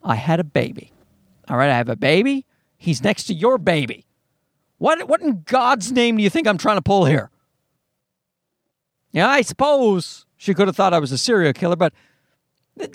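A man's voice: sits high, big pitch swings, moderate pace, long pauses, no echo, studio quality. A man, likely in his thirties, telling a comic story as a profane, exasperated rant.

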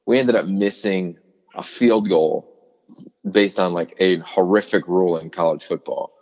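Speaking at a measured pace in a deep voice, a former player and coach turned college football analyst, in his forties, tells animated stories for a podcast interview, full of fillers and restarts and acted-out quotes. The audio is dull, with a big-room sound.

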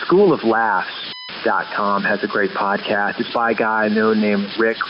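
A man with a fairly low voice leaves a friendly recorded message for a podcast. The sound is dull and lo-fi, with faint hiss underneath. He speaks in a relaxed, recommending way. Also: measured pace. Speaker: caller leaving a voicemail.

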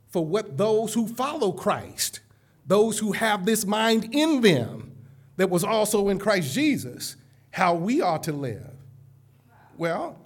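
A man preaching a keynote sermon to a live conference audience, emphatic and direct, moving from hushed asides to loud calls. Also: high voice, breathy edge. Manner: addresses the audience directly, repeating "listen carefully".

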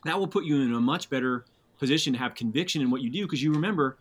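A man speaking as a guest on a podcast, animated and loose, with plenty of swearing and fillers. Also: medium pitch, very fast, husky. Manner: animated, swears freely, frequent fillers and restarts. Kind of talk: casual podcast conversation.

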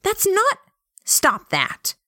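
Woman putting on a flustered young woman, raised pitch, scolding, dry close sound. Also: wildly swooping pitch, extremely slow, pushed and bright, no echo, heavily acted. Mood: exasperated. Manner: exasperated, scolding.

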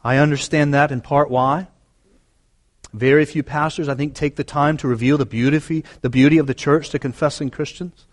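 A man's voice: a little high, steady tone, normal speed. A man preaching a sermon as pastor, earnest and emphatic, repeating key phrases for weight. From United States.

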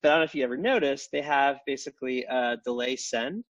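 A man's voice: medium pitch, fairly bright tone, no room sound. A man speaking as a podcast guest in casual chat, stumbling over restarts and fillers. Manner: halting, many restarts and fillers.

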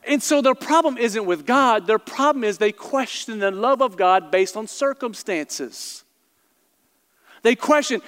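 A man's voice: high-pitched, animated, a little slow, fairly bright tone. A male pastor preaching a sermon to his congregation with passion, stressing words and repeating phrases to drive them home. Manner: impassioned, emphatic, repeats phrases, speaks straight to the congregation. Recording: long hall reverb.

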